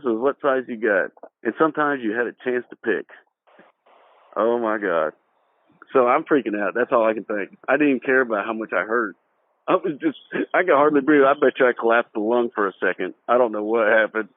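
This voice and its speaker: A middle-aged man recounts old memories in a casual interview, lively and chuckling. His voice sits at an ordinary pitch. It comes through thin and phone-like, with no room sound. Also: brisk, no echo. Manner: animated, acts out quoted voices, laughs through his own story. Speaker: guest. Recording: dry, tinny phone-like audio.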